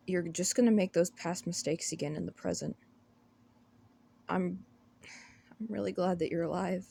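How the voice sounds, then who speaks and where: Casting: a woman as a shy androgynous elf, whispered role-play, gravelly and mellow, stumbling over words. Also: mid-range voice. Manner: hesitant, stammering, apologetic.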